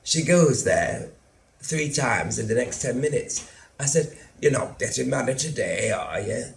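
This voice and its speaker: A lonely, anxious middle-aged son, telling his story in a slow, dry, gravelly voice. The sound is roomy, as on a theatre stage, with a faint hum behind it. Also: mid-range voice, expressive. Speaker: stage actor in a monologue. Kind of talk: theatrical monologue narration.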